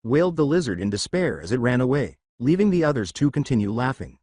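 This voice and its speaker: A man narrating a fan fiction story in an animated storytelling manner. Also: mid-range voice, fast, dry recording, studio quality.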